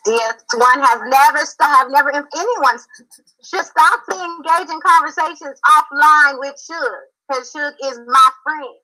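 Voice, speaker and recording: A woman's voice: high voice, unhurried, bright, forceful tone, low-quality recording. Confrontational woman on a call. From Philadelphia. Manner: confrontational, emphatic and repetitive. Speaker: panel guest. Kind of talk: heated live-stream call-in.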